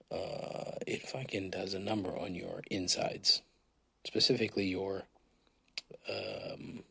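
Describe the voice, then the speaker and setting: Husky low-voiced man ranting. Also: a bit bright. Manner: profane, rambling, self-mocking. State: dry throat. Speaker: podcast host. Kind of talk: casual solo monologue. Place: large hotel room. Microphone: phone.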